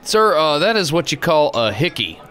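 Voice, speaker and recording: A man's voice: on the high side, sing-song, normal speed, a bit bright, voice pushed up. A man voicing a laid-back bartender who talks in a casual, easygoing way. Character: laid-back adult male bar bartender.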